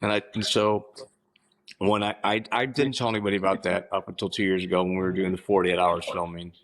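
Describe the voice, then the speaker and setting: Male guest, 50s, from Missouri, low voice; halting personal storytelling with restarts and throat-clearing. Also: flat delivery, a bit bright, a little hiss or hum, poor audio. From Missouri, United States. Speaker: podcast guest.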